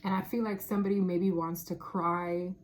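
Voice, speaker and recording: Low-voiced woman musing through a tarot reading. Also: flat delivery, moderate pace, slight background noise. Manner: musing, thinks aloud, laughs often. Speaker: tarot reader. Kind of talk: casual tarot reading monologue.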